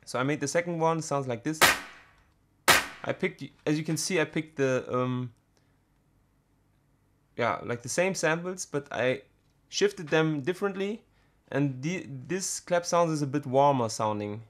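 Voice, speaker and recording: A man teaching a music production tutorial, talking in a halting way with many fillers and restarts. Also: on the high side, animated. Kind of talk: screen-recorded software tutorial.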